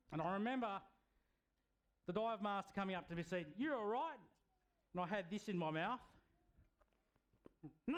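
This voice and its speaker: A man telling an animated story to children at church, often stopping to ask the kids questions. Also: sits high. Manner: lively, asks the kids questions.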